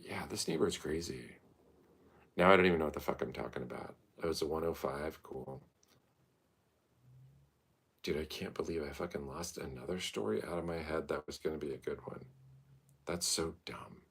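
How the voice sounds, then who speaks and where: Male host, wandering profane monologue, gravelly fry, very animated pitch. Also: normal speed, long pauses. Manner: profane, meandering, stream-of-consciousness. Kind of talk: rambling casual monologue.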